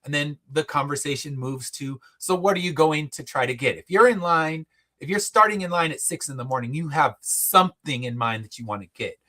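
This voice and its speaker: A man's voice: a little high, fairly quick, sharp tone. A middle-aged man, a podcast guest, telling a story in casual chat and acting out the people he quotes, with casual swearing.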